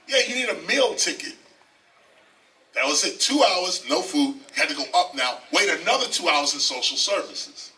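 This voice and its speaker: Older New man as interview guest, bright lively voice, emphatic storyteller, a bit off-mic with faint noise. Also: fairly high pitch, far from the mic. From South Bronx, New York. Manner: emphatic, repeats phrases, often says "okay?". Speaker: interview guest, rapper and teacher. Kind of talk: animated storytelling. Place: library, indoors.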